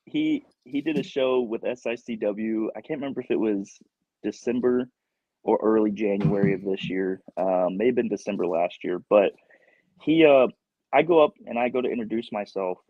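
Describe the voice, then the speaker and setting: A male wrestler spins a backstage story with lively energy and frequent laughter. The recording is dull and lo-fi, with a dry, close sound. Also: on the low side, normal speed, dry recording. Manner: animated storyteller who laughs often. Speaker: guest professional wrestler. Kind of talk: casual storytelling in an interview.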